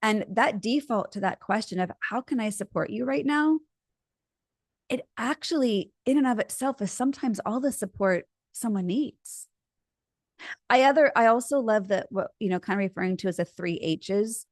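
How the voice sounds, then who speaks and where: A woman's voice: a little high, normal speed, no echo, studio quality. A middle-aged woman co-hosting a couples therapy podcast, talking expressively with frequent restarts. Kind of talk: casual chat with role-play.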